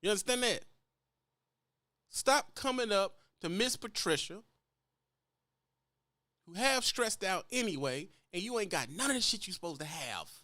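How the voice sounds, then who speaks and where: Blunt Louisiana trucker, lively high voice. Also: male voice, a little slow, pauses often, no room sound. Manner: blunt, profane, lecturing. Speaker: truck driver vlogger. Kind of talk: ranting vlog monologue.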